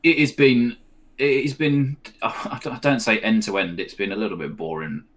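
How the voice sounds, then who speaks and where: A low-voiced man talks through a football match live with a friend. He rambles with fillers and chuckles between calls of the play. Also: steady tone, moderate pace, a bit bright. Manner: chatty, rambling, with fillers and laughs. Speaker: co-host of a match watch-along.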